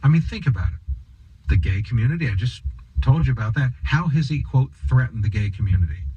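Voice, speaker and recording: Sarcastic husky-voiced man commentating. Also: mid-range voice, animated, quick pace, warm tone, highs cut off. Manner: sarcastic, rhetorical questions, emphatic. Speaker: political commentator. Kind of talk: opinion monologue.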